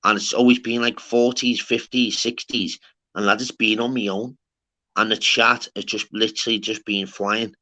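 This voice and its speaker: A man's voice: on the low side, level tone, moderate pace, pushed and bright. A man hosting a live stream, rambling and swearing in casual chat, calling everyone lad. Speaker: livestream host.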